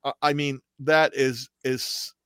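A man's voice: mid-range voice, little pitch movement, takes it slowly, fairly bright tone, clean tone, no room sound. A man hosting a podcast over an online call, bluntly reading headlines and quotes aloud. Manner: blunt, crude, reads out quotes. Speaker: podcast host.

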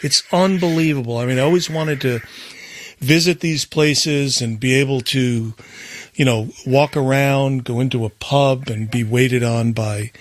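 A man hosting a call-in show, talking in a halting, rambling way. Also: mid-range voice, fairly even intonation. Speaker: talk show host. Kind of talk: casual call-in chat.

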